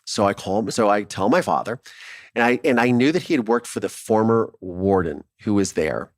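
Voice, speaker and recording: A male filmmaker from Ohio telling his story as an interview guest, animated and swearing freely, acting out what others said. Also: lowish voice, normal speed, no room sound, studio quality. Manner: animated, swears freely, acts out quoted dialogue.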